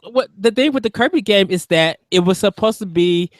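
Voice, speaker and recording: A man of middle pitch co-hosts a gaming stream, chatting eagerly and guessing about upcoming releases. His voice sits close and dry, with no room sound around it. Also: no room sound. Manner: eager, speculative, talks in quick loose bursts. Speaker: co-host of a live watch stream. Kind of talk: casual gaming chat.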